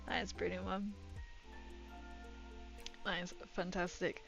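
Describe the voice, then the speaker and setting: A woman's voice: mid-range voice, fairly even intonation, normal speed, long pauses. A young woman chatting casually on her livestream, giggling often and dropping her consonants. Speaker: streamer. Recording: muffled stream audio with faint music.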